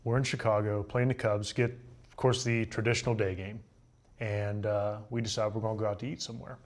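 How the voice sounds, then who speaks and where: A young man, a baseball pitcher guesting on a show, telling relaxed, joking stories in casual chat. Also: fairly quick. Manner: laid-back, joking anecdotes with laughs.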